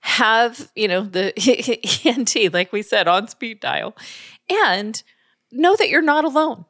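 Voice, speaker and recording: A woman's voice: a little high, expressive, slow pace, fairly bright tone, dry recording, clean studio sound. A woman co-hosting a parenting podcast, giving reassuring advice in a casual chat.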